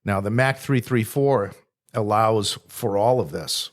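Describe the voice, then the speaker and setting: A man's voice: fairly low pitch, measured pace. A man hosting a technical podcast who jokes casually and then explains equipment step by step. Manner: jokey, explanatory. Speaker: podcast host, trainer.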